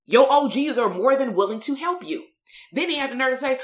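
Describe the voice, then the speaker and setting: A woman's voice: sits high, expressive, brisk, reverberant. A woman, a coach and therapist telling a story in a blunt, emphatic live-streamed motivational talk.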